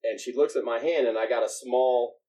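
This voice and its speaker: A man's voice: mid-range voice, brisk, rough recording. Laid-back man telling a story. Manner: laid-back, swearing, laughs often, quotes others flatly. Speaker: podcast co-host telling a story. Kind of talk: casual storytelling chat.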